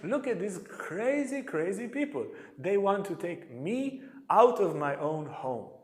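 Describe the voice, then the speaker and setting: A man putting on the excited, higher voice of a playful young disciple. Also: measured pace. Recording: echoey hall.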